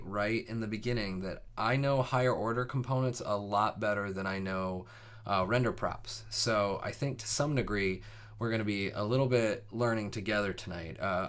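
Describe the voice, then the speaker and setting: Hosting a live coding stream, a young man with a fairly low, slightly bright voice talks casually with his audience. The pre-lesson chat wanders, with frequent fillers and restarts.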